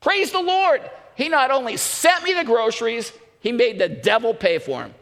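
A man's voice: very animated, fairly quick, creaky, long reverb tail, full character voice. A man voicing a bold, joyful elderly woman of faith in a sermon joke. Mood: triumphant. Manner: high shouting praise.

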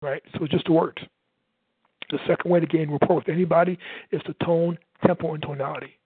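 A man from the United States gives an energetic motivational talk as a sales coach, loud and fast. His voice sits on the higher side and has a gravelly, husky edge. It comes through a dry, tinny, phone-like line. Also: no echo. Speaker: sales coach and podcast host.

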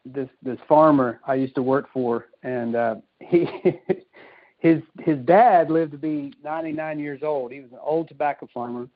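A man on a group call telling a story in a casual, animated way, often laughing as he talks. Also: a little high, normal speed, no echo. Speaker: call participant. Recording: dry, muffled call audio.

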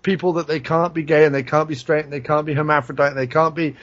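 A man's voice: on the high side, flat delivery, quick pace, fairly bright tone, highs cut off. A man telling rambling, profane stories as a podcast co-host, laughing as he goes. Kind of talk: casual chat, storytelling.

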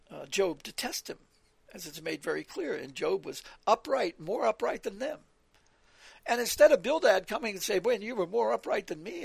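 A man's voice: sits high, gravelly, breathy edge, dry recording. A man giving an earnest Bible teaching in a sermon style, reading verses aloud and often repeating his words. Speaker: preacher.

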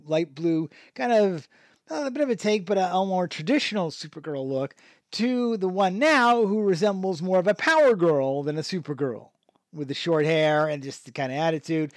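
A man's voice: fairly high pitch, no room sound, studio quality. A man hosting a podcast, reviewing in a rambling, casual way with lots of fillers, restarts and chuckling asides. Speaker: podcast host.

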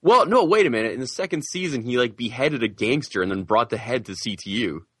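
A man co-hosting a podcast, reacting laid-back with quick quips in casual chat. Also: mid-range voice, expressive, a bit bright, husky, dry recording, studio quality. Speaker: podcast co-host.

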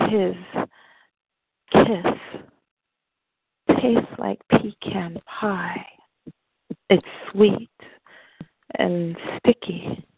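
A woman poet on a call-in radio show, reading a sensual poem slowly and deliberately. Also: medium pitch, creaky, slightly rough, no room sound. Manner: soft, slow and deliberate. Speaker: poet guest. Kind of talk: slow sensual poetry reading. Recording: phone line.

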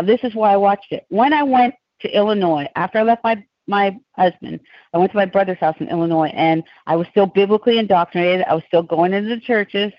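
A woman speaks as a podcast guest and drifts from one tangent to the next in loose, animated storytelling. Her voice sits close and dry on a slightly dull, lo-fi recording. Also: mid-range voice, no room sound. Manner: rambling, animated, digressive storytelling.

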